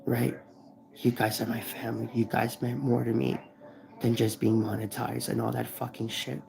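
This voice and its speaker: A man's voice: mid-range voice, level tone, moderate pace, creaky, low-quality recording. A man in his thirties talking to viewers on a live stream, grieving, rambling and swearing as he repeats himself. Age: 30s. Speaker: vlogger. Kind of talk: emotional live stream talk.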